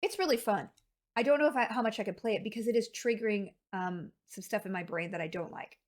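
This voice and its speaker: A woman's voice: medium pitch, quick pace. Woman streamer, talkative and rambling, mid-range voice, casual chat. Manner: chatty and rambling, talks to chat. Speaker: game streamer.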